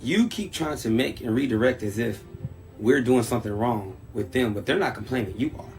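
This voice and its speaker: A man's voice: mid-range voice, animated, a little fast, darkish tone, faint music behind. A man in a combative, profane rant. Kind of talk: angry rant.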